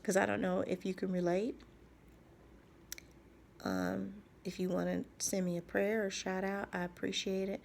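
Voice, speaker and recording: A woman speaking in a halting, soft personal video diary, often dropping to a whisper and repeating herself as she searches for words. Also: mid-range voice, little pitch movement, creaky, a little hiss or hum. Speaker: vlogger.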